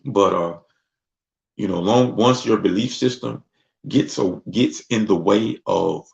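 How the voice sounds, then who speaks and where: A man hosting his own talk show, chatting casually and acting out other people's voices as he goes. His voice is low and heavily gravelly. It comes through a dull, lo-fi recording. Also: takes it slowly, a little mellow. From Mississippi. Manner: loose, conversational, acts out voices. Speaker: host. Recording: dull lo-fi sound.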